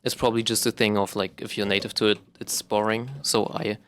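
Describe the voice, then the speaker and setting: A man's voice: on the low side, little pitch movement, fairly quick, fairly bright tone. Rambling young man. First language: German. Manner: rambling, profane, self-correcting, many ums. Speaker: vlogger. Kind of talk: casual monologue to camera.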